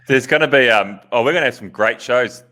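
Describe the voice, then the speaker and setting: A man's voice: mid-range voice, normal speed, pushed and bright. A man co-hosting a podcast, upbeat and enthusiastic in casual chat. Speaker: podcast co-host.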